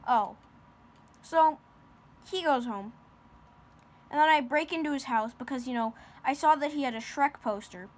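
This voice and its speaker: A woman's voice: sits high, normal speed, long pauses. A woman improvising a silly comic story, rambling with lots of fillers and restarts.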